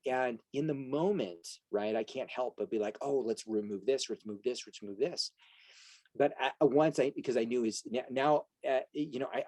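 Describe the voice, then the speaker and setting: Middle-aged male coach, earnest talk full of rhetorical "right?" asides, mellow tone, dry close sound. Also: mid-range voice, no room sound, low-quality recording. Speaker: strengths coach and host. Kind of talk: motivational talk to an audience.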